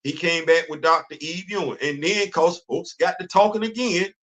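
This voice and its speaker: Man, fairly high voice, casual commentary host, animated, repeats himself, acts out conversations. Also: moderate pace. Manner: informal, speaks in African American Vernacular English.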